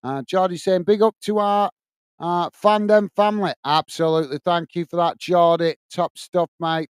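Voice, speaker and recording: Clear and resonant, a high male voice with fairly even intonation and normal speed comes through in echo-free studio quality. He's an English watchalong host doing live football commentary, chatting away and reading viewers' comments aloud.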